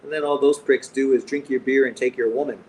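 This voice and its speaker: Profane, joking Canadian man, mid-pitch. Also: fairly even intonation, fairly quick, a little mellow, slight background noise, rough recording. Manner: profane, blunt, joking banter. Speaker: livestream boxing host. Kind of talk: casual livestream chat reading comments. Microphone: streaming mic.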